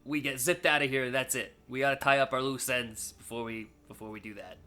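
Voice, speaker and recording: A man playing a character in a tabletop game, talking in a lively, jokey way. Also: mid-range voice, brisk, smooth. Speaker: player. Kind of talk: casual role-play.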